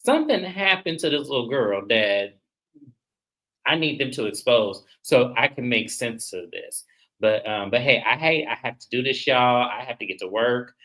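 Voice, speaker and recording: A man's voice: medium pitch, expressive, normal speed, fairly bright tone. A man co-hosting a casual live-stream recap, giving exasperated commentary. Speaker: co-host.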